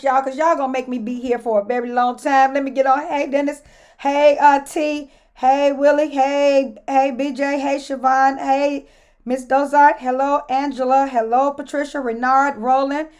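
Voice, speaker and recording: A woman pastor giving a casual, colloquial motivational talk to live viewers, repeating words as she builds each point and greeting people by name. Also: sits high. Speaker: pastor and host.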